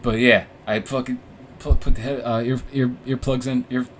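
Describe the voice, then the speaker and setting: A man's voice: mid-range voice, level tone, moderate pace, slight background noise. A young man hosting a casual podcast, telling a long personal story in a rambling, profane, self-mocking way, full of restarts and fillers. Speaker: podcast host. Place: room with warm orange lighting.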